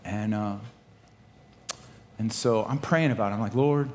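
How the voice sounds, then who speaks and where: Animated preaching man in a reverberant hall. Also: fairly low pitch, measured pace, a little hiss or hum. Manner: animated, laughing, swinging from loud preaching to quiet storytelling. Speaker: pastor. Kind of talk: sermon with personal story. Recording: live hall with long reverb and faint ambience.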